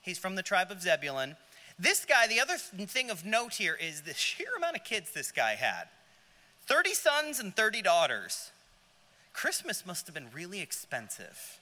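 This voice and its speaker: A man's voice: high-pitched, huge pitch swings, moderate pace, bright, forceful tone, in a large hall. A man teaching a Sunday school Bible class, joking aside and asking the class questions as he reads. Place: church classroom.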